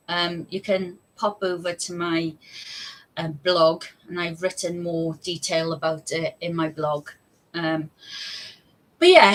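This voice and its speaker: Woman in her thirties, lowish voice, unhurried, candid personal storytelling on a live stream. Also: a bit bright, rough recording. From United Kingdom. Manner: chatty and candid, with frequent fillers and laughs.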